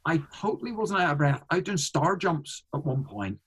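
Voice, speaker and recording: A man's voice: fairly high pitch, very animated, moderate pace, a bit bright, husky, rough recording. A man, a comedian, telling a story in a casual interview, rambling with frequent restarts and fillers. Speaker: guest, comedian.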